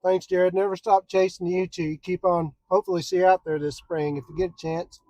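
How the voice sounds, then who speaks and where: A man's voice: high-pitched, little pitch movement, fairly quick, mellow, no room sound. A man who chases storms and photographs them, chatting casually with viewers on a live stream from the roadside. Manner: easygoing, chatty, talks to viewers. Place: outdoors by the roadside on open plains.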